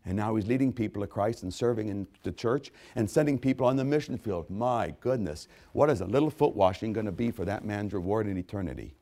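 A man preaching a sermon, swinging from hushed, intimate storytelling to loud, rising exhortation. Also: a little fast, few pauses. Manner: dramatic swings from hushed to booming. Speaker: pastor.

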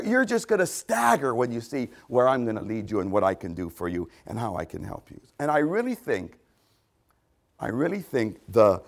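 An older man preaching a sermon, animated, swinging between loud exclamations and hushed asides. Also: medium pitch, vocal fry. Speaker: pastor.

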